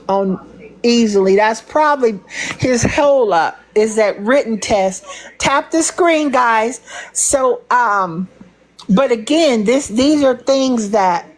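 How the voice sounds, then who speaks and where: Slow-talking, sassy livestreaming woman. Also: fairly high pitch, low-quality recording. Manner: sassy and mocking, laughs often. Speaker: livestream commentator. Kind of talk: casual live-stream commentary.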